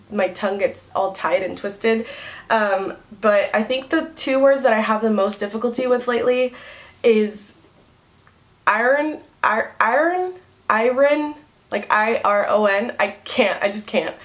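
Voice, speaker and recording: A young woman vlogging to camera in a casual, rambling way, giggling often. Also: fairly high pitch. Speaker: beauty vlogger.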